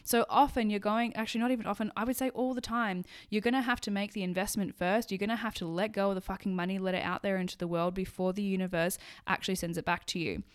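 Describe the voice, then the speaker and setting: A woman's voice: medium pitch, fast, few pauses, smooth. A woman hosting a solo podcast, talking bluntly and swearing freely, acting out little quoted voices as she goes. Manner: blunt and sweary, lots of profanity; animated, acts out quoted voices. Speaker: podcast host. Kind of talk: casual solo podcast monologue.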